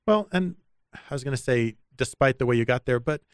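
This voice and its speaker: A man hosts a conversational interview, asking questions and affirming his guest. His voice is mid-pitched and captured dry and close. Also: animated, a little fast, clear, resonant tone, no echo. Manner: warm, affirming listener. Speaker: interview host.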